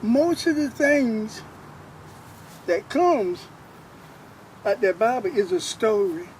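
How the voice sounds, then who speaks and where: Older guy preaching, earnest and repetitive, high voice, faint street noise behind. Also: a little mellow, low-quality recording. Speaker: preacher sharing faith. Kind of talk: informal spoken testimony.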